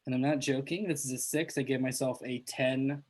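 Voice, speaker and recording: A woman running a tabletop game as game master, halting and amused as she thinks aloud. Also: very deep voice, steady tone, a little mellow.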